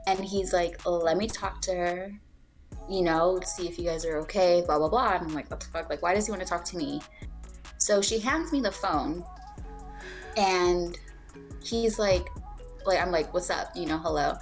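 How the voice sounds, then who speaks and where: Speaking at normal speed in a lowish voice, a young woman co-hosts a podcast with faint music in the background. She shares a personal story casually and candidly, swearing freely and acting out the dialogue.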